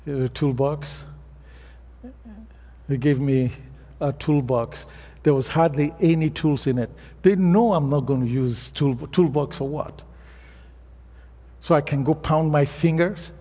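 Slow, husky African-accented male preacher. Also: on the high side, dark tone. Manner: storytelling preacher, plain and earnest. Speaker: pastor. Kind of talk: sermon. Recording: long reverb of a hall.

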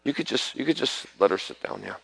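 A man's voice: medium pitch, animated, fast talker, vocal fry, a bit bright, breathy edge, no room sound. A man preaching at an altar call, calling people forward and praying over them in sudden fervent bursts. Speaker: preacher leading prayer ministry.

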